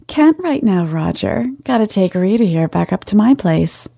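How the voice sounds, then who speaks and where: A woman's voice: mid-range voice, lively intonation, normal speed, vocal fry, dark tone, no room sound, studio quality. A woman voicing a bold, playful, flirtatious sister with a bossy, teasing manner.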